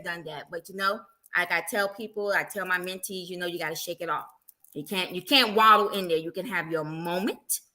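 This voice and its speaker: A middle-aged woman, a guest evangelist, sharing her faith and life in a casual, animated way. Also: fairly low pitch. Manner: animated storytelling, acting out everyday quotes.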